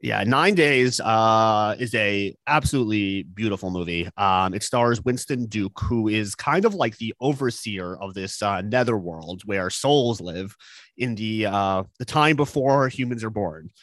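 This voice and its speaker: A man with a fairly low voice talks through film picks in loose podcast chat. He is earnest and halting, full of fillers and restarts. The sound is close and dry. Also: a bit bright, no room sound. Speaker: podcast co-host recommending movies. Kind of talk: casual chat.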